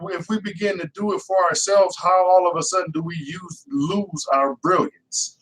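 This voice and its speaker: A man's voice: high-pitched, fairly even intonation, normal speed, fairly bright tone, slight background noise. A man co-hosting a casual talk show, earnest and persistent, peppering his points with "real talk" and "right?". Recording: voice a bit distant from the mic.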